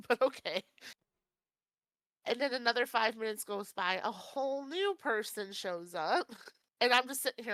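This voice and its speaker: Bright giggly woman telling a story. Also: a little high, lively intonation, measured pace, long pauses, dry recording. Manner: laughs often, acts out other people's lines. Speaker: podcast co-host. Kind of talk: casual chat, storytelling.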